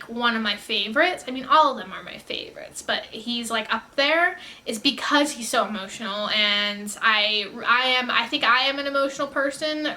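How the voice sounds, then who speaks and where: A woman with a fairly high, bright, forward voice gives casual reaction commentary. She rambles and effuses, often stopping to correct herself mid-sentence. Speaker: reaction video creator.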